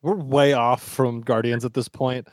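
A man co-hosting a casual podcast chat, animated and acting out little quotes. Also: medium pitch, unhurried, dry recording, clean studio sound. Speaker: podcast co-host.

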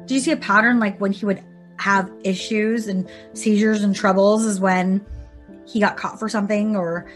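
A woman's voice: mid-range voice, steady tone, moderate pace, faint music behind. A woman in casual conversation, reacting bluntly and with exasperation. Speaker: interviewee. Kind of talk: casual chat.

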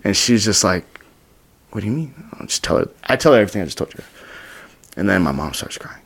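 A young man in his twenties from Utah, telling his story as a podcast guest, acting out quotes with whispers and sudden high bursts. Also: lively intonation, quick pace, gravelly, fairly bright tone. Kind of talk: storytelling in casual interview.

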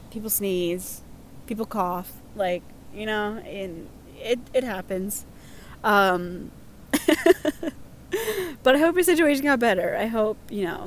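A woman's voice: mid-range voice, slight background noise. A young woman casually reading out listener stories, chatty and prone to giggling. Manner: giggly, chatty, lots of fillers. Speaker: host reading listener submissions. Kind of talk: casual chat.

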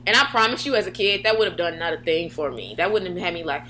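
Young woman co-host, casual chat, bright sound, faint hum. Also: fast talker. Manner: animated storytelling, acts out quotes in a high voice. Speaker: podcast co-host.

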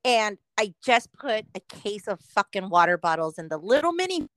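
A woman's voice: mid-range voice, big pitch swings, normal speed, fairly bright tone, dry recording. A woman co-hosting a podcast in casual chat, venting grumpily about work with frequent swearing and laughter. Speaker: podcast co-host.

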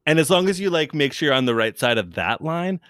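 A young man chatting casually as a podcast guest, rambling with lots of fillers and quick impressions. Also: fairly high pitch, big pitch swings, a bit bright, no room sound, studio quality. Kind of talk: casual chat.

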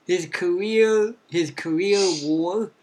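Jokey, animated man talking sports. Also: high-pitched. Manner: animated, jokey, quick bursts. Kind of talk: casual sports chat.

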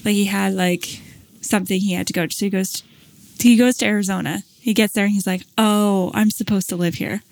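A woman with a medium-pitched voice, a somewhat fast pace, and vocal fry tells a long anecdote in casual conversation, with no room sound audible. She's an animated storyteller who acts out what people said and uses plenty of fillers.

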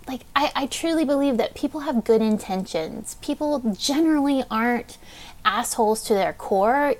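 A young woman with a fairly high voice talks candidly as a podcast host. Her delivery is casual and unpolished, full of "like" and the odd swear word. She speaks with open, heartfelt emotion throughout. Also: darkish tone. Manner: casual, heavy use of "like", frequent swearing. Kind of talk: personal storytelling.

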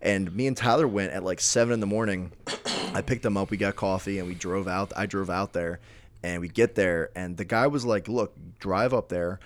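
A man's voice: deep voice, moderate pace, slight background noise. A man co-hosting a podcast, telling a long story in casual chat with lots of fillers and restarts. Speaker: podcast co-host.

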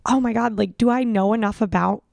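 Chatty woman storyteller with a slightly gravelly voice, casual podcast talk. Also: on the high side, fairly quick, a little mellow, dry recording, studio quality. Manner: chatty storyteller, filler-heavy. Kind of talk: casual chat.

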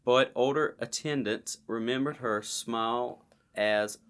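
A man's voice: medium pitch, slow pace, a bit bright, a little hiss or hum. A man co-hosting a casual true-crime podcast, reading a case aloud and joking with his co-host.

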